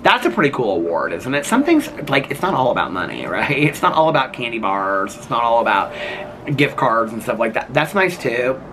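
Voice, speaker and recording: A man's voice: medium pitch, big pitch swings, a little fast, background noise. A man chatting playfully to his viewers while vlogging outdoors at home in the evening, rambling and laughing as he talks. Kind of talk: casual chat to camera.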